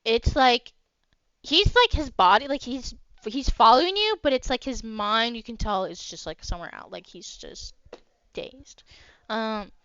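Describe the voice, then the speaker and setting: A woman's voice: a little high, expressive, moderate pace, pushed and bright, no echo. A young woman narrating as game master of a tabletop game, rambling with lots of fillers. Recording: dry, dull lo-fi mic.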